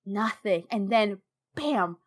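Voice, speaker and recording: A woman co-hosting a podcast, chatting casually and emphatically about game lore, her voice rising when excited. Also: mid-range voice, takes it slowly, a little hiss or hum. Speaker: podcast co-host. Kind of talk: casual fan lore discussion.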